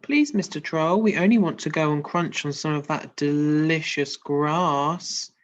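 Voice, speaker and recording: Storybook baby goat, done by a teacher: high, sing-song and pleading, slow delivery. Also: lightly acted. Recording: dull lo-fi sound.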